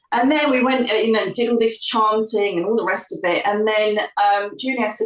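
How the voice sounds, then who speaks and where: A woman with a slightly high voice tells a long personal story as an interview guest. She is lively and chatty, laughs often, and mimics the people she quotes. The sound is roomy, and she sits some way from the microphone. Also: moderate pace, few pauses. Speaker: psychic medium guest. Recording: roomy sound, distant from the mic.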